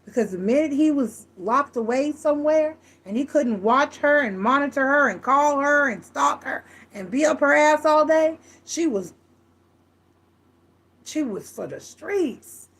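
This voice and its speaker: A woman gives a tarot reading in a casual, chatty way. She talks frankly and often restarts her sentences. Her voice sits a little high. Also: animated, a little slow, fairly bright tone. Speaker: tarot reader.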